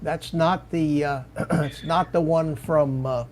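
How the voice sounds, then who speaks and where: A man's voice: a little high, steady tone, takes it slowly, a little mellow, slight background noise. An older man hosting a hobby livestream over a video call, talking casually and restarting his sentences often. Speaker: livestream host. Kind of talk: casual panel chat.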